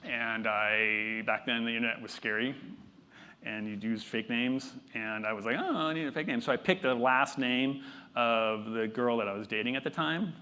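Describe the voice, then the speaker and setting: A male keynote speaker talks to a live conference audience in a loose, unscripted-sounding manner. He mocks himself and drops playful asides, and his voice sits at an ordinary middle pitch. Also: steady tone, normal speed, pushed and bright. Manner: conversational and self-deprecating, with joking asides.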